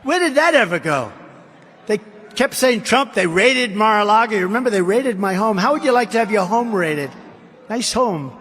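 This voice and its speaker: A man's voice: sits high, very animated, moderate pace, fairly bright tone, husky. A man giving a campaign rally speech as a political candidate, emphatic and repetitive, with rambling asides. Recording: long hall reverb.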